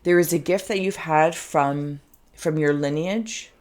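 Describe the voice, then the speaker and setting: A woman's voice: sits low, a little slow, darkish tone. A woman giving an intuitive card reading, meandering and searching for words, her throat phlegmy. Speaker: tarot card reader.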